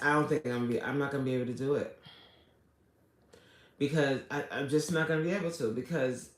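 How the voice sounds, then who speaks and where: Chatty streamer talking slow to chat, roomy echo on the mic. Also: mid-range voice. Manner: chatty, greets viewers by name and pleads for subscribers. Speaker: livestreamer chatting with viewers. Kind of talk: casual livestream chat. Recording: echoey room.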